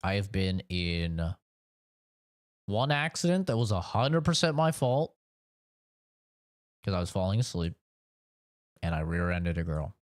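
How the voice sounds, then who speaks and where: A man's voice: fairly low pitch, normal speed, pauses often, no echo, studio quality. A man streaming a game, telling casual stories with loose swearing and laughter. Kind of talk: casual chat while gaming.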